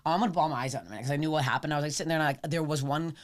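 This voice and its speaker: Woman in her 30s, podcast guest; brisk, salty, animated comic anecdotes. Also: deep voice. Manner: rapid, profane, animated storytelling. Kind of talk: casual chat, comic storytelling.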